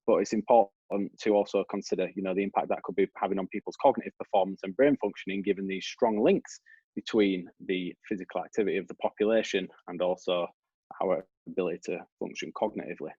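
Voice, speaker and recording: A man's voice: low-pitched, fast talker, mellow, breathy edge, dry recording, lo-fi sound. A man with a Yorkshire accent giving a conversational academic presentation over a video call. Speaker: researcher giving a talk.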